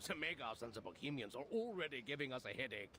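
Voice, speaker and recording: A man's voice: mid-range voice, very animated, fast, pushed and bright, a little hiss or hum. An actor with a British accent playing a smug, glib male city official in a game cutscene, self-satisfied and condescending, over game audio with an ambient bed behind him. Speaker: head of a city branch office.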